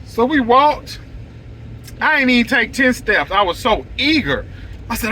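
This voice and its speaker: A man telling an excitable, repetitive story to viewers from his vehicle. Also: sits high, moderate pace, pauses often, slight background noise, poor audio. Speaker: lawn care business owner. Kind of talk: casual storytelling vlog. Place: vehicle, driving outdoors.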